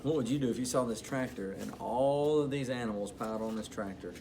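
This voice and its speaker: A man's voice: medium pitch, fairly quick, noisy background. Man reading a children's bedtime story. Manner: expressive, bedtime-story delivery. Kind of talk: children's picture-book read-aloud.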